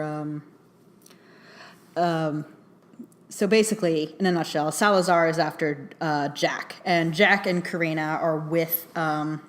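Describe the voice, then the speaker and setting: A woman with a fairly low voice talks through a film review in a loose, chatty way. She fills her sentences with "like" and "um", laughs easily, and drops casual swears while retelling scenes. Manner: chatty, laughing often, heavy use of "like" and "um" fillers.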